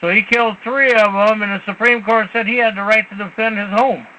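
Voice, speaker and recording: A man hosting a talk show, telling stories in a blunt, profane, animated way. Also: high-pitched, brisk, highs cut off. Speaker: show host. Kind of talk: call-in talk show chat.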